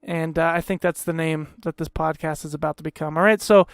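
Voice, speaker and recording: A man's voice: fairly high pitch, fairly even intonation, brisk, creaky, no echo, studio quality. A young man hosting a solo podcast, ranting with lots of swearing, rambling and self-deprecating. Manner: profane, exasperated ranting. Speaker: podcast host.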